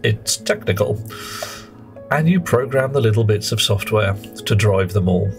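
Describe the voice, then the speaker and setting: A man's voice: on the low side, lively intonation, a little slow, music in the background. A man streaming a game live, chatting in a jokey, rambling way and greeting viewers between explanations.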